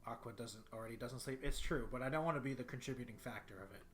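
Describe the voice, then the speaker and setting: A man's voice: medium pitch, fast talker, a bit bright, soft background music. A young man streaming from his bedroom, chatting casually and rambling with lots of fillers and restarts. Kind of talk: casual solo livestream chat.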